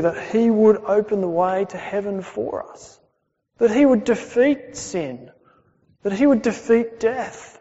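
High-voiced man preaching in a hall. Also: a little slow. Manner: conversational, animated, many fillers and tag questions. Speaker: pastor. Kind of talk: sermon. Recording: dull sound in a hall with long reverb.

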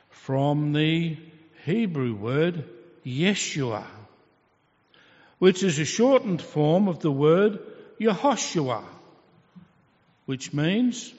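A man preaches a sermon at an unhurried, deliberate pace, his voice sitting a little high for a man. He teaches patiently and poses rhetorical questions. The recording is dull and carries a long hall reverb. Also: a little mellow.

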